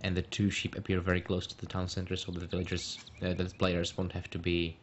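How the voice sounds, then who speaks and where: A man giving measured, explanatory play-by-play on a strategy game match. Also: low-pitched, monotone. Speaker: game caster. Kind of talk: casual esports commentary. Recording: lo-fi stream audio with faint noise.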